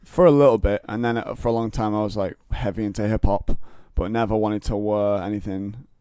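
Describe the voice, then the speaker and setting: A man's voice: on the low side, steady tone, brisk, mellow, clean tone, no room sound. A man with a Northern English accent, a podcast guest chatting casually in a home studio, rambling with fillers and restarts. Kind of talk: casual chat.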